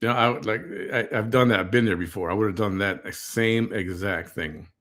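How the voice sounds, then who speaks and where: Middle-aged man as reaction host, low voice, blunt and indignant. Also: brisk, a bit bright. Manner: blunt and indignant, tells stories. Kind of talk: casual reaction commentary.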